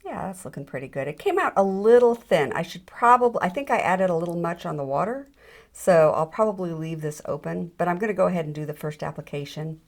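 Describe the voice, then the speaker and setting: Brisk and expressive, a middle-aged woman with a fairly low voice leads a hands-on jewelry tutorial, chatting freely and joking at her own expense. She often trips into ums and restarts.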